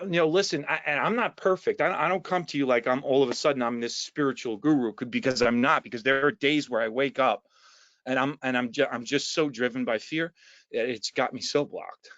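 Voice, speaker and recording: A man with a New Jersey accent giving an earnest, halting personal share at an online recovery meeting, full of restarts and fillers. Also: mid-range voice, fairly bright tone, no room sound. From New Jersey, USA. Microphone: video call mic. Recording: dull, lo-fi dry online call audio.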